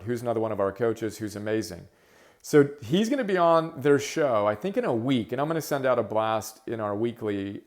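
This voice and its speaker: A middle-aged man hosting his own podcast, talking solo in an energetic, emphatic, rambling way with many fillers. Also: medium pitch. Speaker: podcast host. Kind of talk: casual solo monologue.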